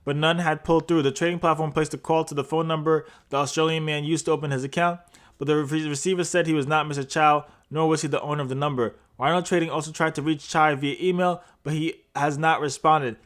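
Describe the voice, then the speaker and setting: A man's voice: a little high, steady tone, quick pace, a bit bright. Chatty man hosting a crypto show. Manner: jokey, rambling, reads articles aloud with asides. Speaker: crypto news host. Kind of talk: casual livestream news commentary.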